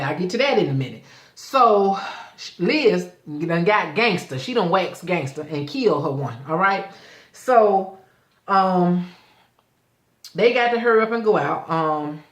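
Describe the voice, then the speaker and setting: A woman, casually recapping a TV episode in animated storytelling and acting out the characters' lines. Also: mid-range voice, echoey room. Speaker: show host reviewing a TV episode.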